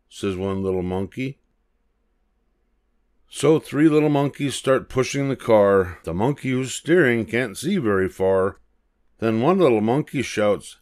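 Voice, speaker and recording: An older man reading a rhyming children's picture book aloud in a gentle, sing-song manner. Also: mid-range voice, expressive, unhurried, dry recording, studio quality. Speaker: storybook reader.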